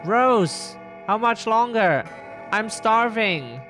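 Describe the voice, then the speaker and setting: A man voicing a shrill, anxious 1960s housewife. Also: lively intonation, drawn-out words, pushed and bright, faint music behind, full character voice. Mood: impatient. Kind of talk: reading game dialogue aloud.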